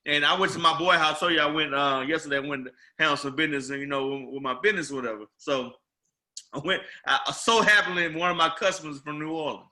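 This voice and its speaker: Guy hosting a sports chat, going off in long rambling rants, really bright edgy voice. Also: on the high side, quick pace. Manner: emphatic, rambling rant. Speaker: podcast host. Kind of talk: casual sports talk.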